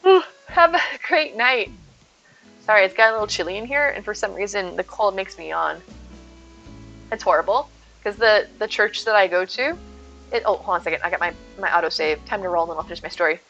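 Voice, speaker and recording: A woman's voice: medium pitch, fast, gravelly, fairly bright tone, highs cut off, soft background music. A woman streaming a game, chatting casually and rambling to her viewers by name. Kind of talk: casual live-stream chat while gaming.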